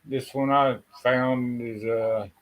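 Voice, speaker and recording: A man's voice: medium pitch, steady tone, slow pace, muffled recording. A man hosting a casual chat, folksy and self-deprecating, with casual swearing.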